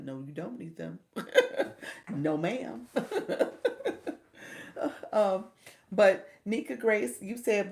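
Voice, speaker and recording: With a low, creaky, darkish voice, this woman coaches and hosts a casual livestream. She chats encouragingly right to her viewers, says y'all and does voice imitations.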